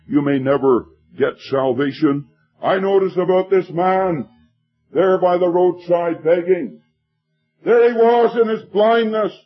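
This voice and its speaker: A man preaching an evangelistic sermon, fervent and pleading, now and then rising to a shout. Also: high voice, husky, muffled recording.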